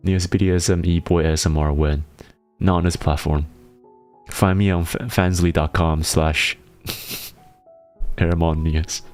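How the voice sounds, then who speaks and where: A man with a hoarse, worn voice from laryngitis, chatting casually on a stream, rambling and joking and often laughing. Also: sits low, fairly even intonation, unhurried, pauses often, a little mellow, faint music behind.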